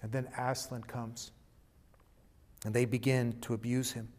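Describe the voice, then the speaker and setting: A man preaching a sermon and reading a storybook passage aloud, swinging from hushed to loud and emphatic. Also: medium pitch, flat delivery, unhurried.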